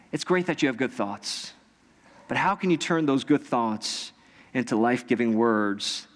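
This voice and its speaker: A male pastor preaching a sermon. He shifts between casual storytelling, bursts of loud excited emphasis, and slow, repeated exhortations. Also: mid-range voice. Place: church sanctuary. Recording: long reverb from a church hall.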